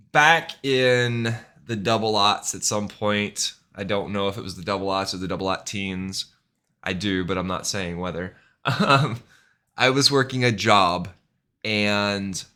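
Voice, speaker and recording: A man's voice: lowish voice, pushed and bright, clear, resonant tone. A man streaming a game, telling rambling, profane stories in casual chat and laughing at himself. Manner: profane, rambling, self-deprecating; fillers and restarts, laughs at himself.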